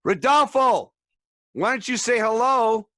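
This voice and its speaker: A male host on a video call, friendly, moving briskly from one guest to the next. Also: extremely high pitch, animated, sharp tone, no room sound, clean studio sound. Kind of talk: hosting a video call event.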